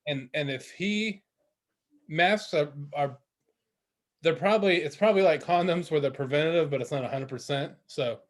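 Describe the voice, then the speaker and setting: A man co-hosting a podcast, speaking in an easy, laid-back and reassuring way. His voice sits slightly high for a man. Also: normal speed. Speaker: podcast co-host. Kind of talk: casual chat.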